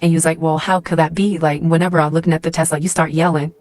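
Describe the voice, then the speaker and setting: A woman with a fairly low voice tells a long story straight to "you," padding it with "like" and "and stuff like that." The sound is dry and close, with faint music underneath. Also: little pitch movement, fast talker, a little mellow, dry recording. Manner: rambling, heavy use of "like" and "and stuff like that". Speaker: storyteller in a social media clip. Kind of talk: casual second-person storytelling.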